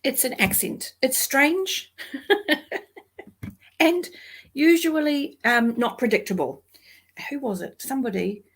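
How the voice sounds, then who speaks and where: A woman with a New Zealand accent hosting a casual livestream, chatty and quick to laugh and exclaim. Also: sits high, animated, fairly bright tone, slightly rough. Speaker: livestream host.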